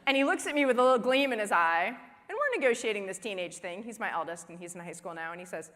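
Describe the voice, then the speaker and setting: A woman in her forties giving a humorous keynote speech at a conference, telling family stories in an animated way and acting out the dialogue. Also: medium pitch, fast talker. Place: large conference hall. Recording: long reverb of a large hall.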